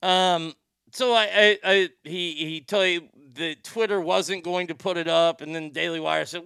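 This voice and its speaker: Fairly high-pitched and fairly even in intonation, this man's voice is pushed, bright, and smooth, at a moderate pace, recorded dry with clean studio sound. He hosts a livestream, chatting casually and reading viewer comments while rambling, swearing, and often restarting.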